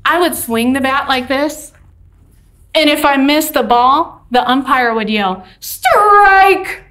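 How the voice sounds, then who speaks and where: Slow, patient woman teaching young children. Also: high-pitched, a bit bright. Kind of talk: children's lesson.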